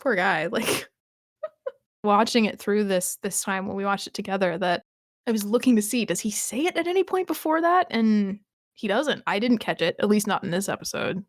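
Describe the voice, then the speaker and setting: A woman's voice: mid-range voice, animated, moderate pace, dry recording, clean studio sound. A woman co-hosting a podcast, chatting casually about a TV episode, laughing often and restarting her sentences. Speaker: podcast co-host.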